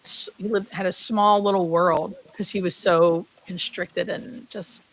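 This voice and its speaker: Over slight background noise in a low-quality recording, a woman speaks at a measured pace in a fairly low, steady tone. She is a hospice nurse in her thirties, a guest telling a heartfelt personal story, full of "like," with a whisper for quoted words.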